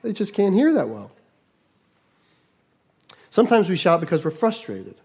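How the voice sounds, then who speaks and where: A middle-aged man preaching a sermon, moving between loud mock shouts and quiet asides. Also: high-pitched, big pitch swings, normal speed, slightly rough. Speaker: pastor.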